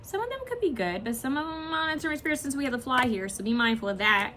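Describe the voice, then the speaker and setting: A woman's voice: high-pitched, very animated, fast, pushed and bright, a little hiss or hum. Chatty woman giving a casual card reading. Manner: chatty and rambling, searching aloud for words; swears and laughs casually while talking. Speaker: tarot card reader. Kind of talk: casual pick-a-picture reading.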